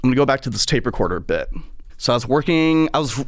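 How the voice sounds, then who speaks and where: A middle-aged man telling comic stories on his podcast, talking in an animated, profane way and slipping into other people's voices as he goes. His voice sits at an ordinary middle pitch and sounds close and dry, with no room echo. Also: quick pace. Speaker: podcast host. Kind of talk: comic storytelling.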